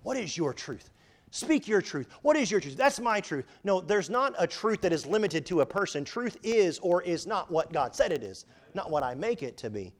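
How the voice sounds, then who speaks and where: A man preaching a sermon, emphatic, often rising and falling in loudness, quoting scripture in old-fashioned wording. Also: sits high, sing-song, normal speed. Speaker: pastor.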